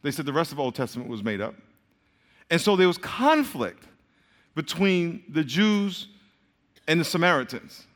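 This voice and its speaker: A man preaching a sermon to a crowd in a lively, joking way, speaking straight to them. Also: on the high side, moderate pace, long pauses. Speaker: pastor. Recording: long hall reverb.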